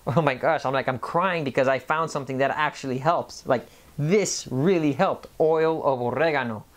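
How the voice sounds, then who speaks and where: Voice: medium pitch, moderate pace. A vlogger of Mexican background talking in a casual monologue, rambling, stopping and restarting, and repeating words. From Mexican family background. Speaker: health vlogger.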